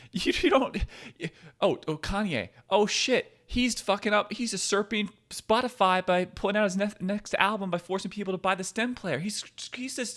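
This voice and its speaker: A man hosting a podcast, ranting with sarcastic, profane commentary that swings from low mutters to loud outbursts. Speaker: podcast host.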